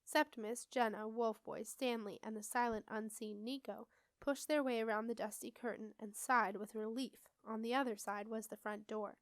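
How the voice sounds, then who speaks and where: A woman reading a children's fantasy novel aloud in steady, expressive storybook narration. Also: a little high, normal speed, dry recording. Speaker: audiobook reader.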